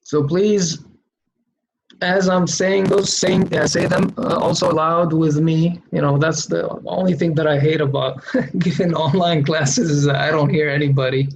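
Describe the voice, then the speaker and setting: A man's voice: fairly high pitch, fairly even intonation, measured pace, a little hiss or hum, poor audio. A man teaching Quran reading in an online lesson, patiently drawing out syllables for students to repeat.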